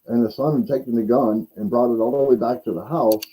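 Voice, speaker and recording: A man's voice: medium pitch, fairly even intonation, brisk, mellow, rough recording. A man hosting a casual livestream, telling rambling stories with repeated words and chuckles. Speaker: host.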